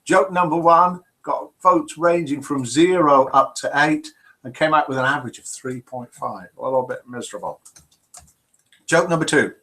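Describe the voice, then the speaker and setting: Older English man, Midlands accent, cheerful live-show host reading viewer messages; slightly high voice. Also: normal speed, pushed and bright. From England. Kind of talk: live call-in show hosting. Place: home room.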